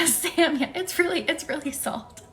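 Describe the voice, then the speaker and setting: A young woman hosting a live Reiki stream, chatting casually with viewers by name and often dropping into a soft whisper. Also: high voice, measured pace. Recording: faint music behind.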